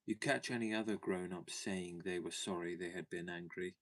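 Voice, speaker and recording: A man's voice: sits low, fairly even intonation, moderate pace, fairly bright tone. A man voicing an eager, admiring young girl in a storybook reading.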